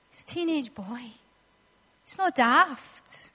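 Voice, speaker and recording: High-voiced woman preaching in a hall. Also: fairly even intonation, measured pace. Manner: dramatic storytelling, acting out voices, rising to shouts. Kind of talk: sermon. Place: church hall. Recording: long reverb of a large hall.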